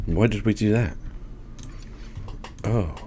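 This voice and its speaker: Deep-voiced man musing over game moves. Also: slow, warm tone, slight background noise. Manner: thinking aloud while planning moves. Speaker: gaming channel host. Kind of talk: casual gameplay commentary.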